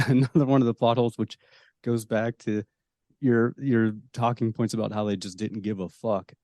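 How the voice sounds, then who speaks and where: A man's voice: medium pitch, steady tone, normal speed, mellow, no echo, studio quality. A man in casual podcast chat, laid-back, swearing and quoting his own reactions. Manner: laid-back, swearing, quotes himself a lot. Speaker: podcast co-host.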